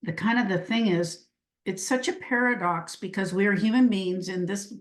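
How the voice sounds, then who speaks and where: A woman's voice: medium pitch, normal speed, reverberant. A middle-aged woman speaking as an interview guest and coach, earnest and searching, often restarting her sentences. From Washington state. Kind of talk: reflective interview talk.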